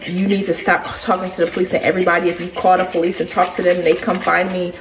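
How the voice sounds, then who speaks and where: Young woman vlogger, slightly low voice, animated and chatty as she tells her story to the camera. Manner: animated, keeps addressing listeners as "y'all"; acts out other people's words as she tells it.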